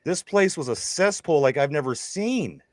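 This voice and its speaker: Rambling Pittsburgh guy with a lively voice. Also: on the high side, normal speed, no room sound. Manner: rambling storyteller, stammers and repeats words, laughs often. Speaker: podcast co-host. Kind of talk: casual sports podcast chat.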